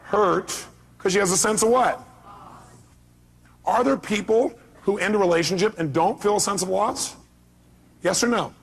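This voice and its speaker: A middle-aged male motivational speaker works a seminar crowd with emphatic points and questions to the audience. His voice is husky and sits a little high for a man. He presses each point hard. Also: normal speed, pauses often.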